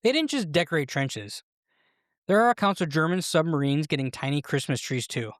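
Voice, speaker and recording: Podcast host, history storytelling, playful and animated, middle pitch, dry close sound. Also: a little fast, no echo.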